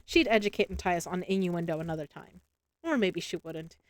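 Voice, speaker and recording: A woman streamer reading a novel aloud in a relaxed audiobook style, with small slips and restarts. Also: on the low side, a little fast, dry recording.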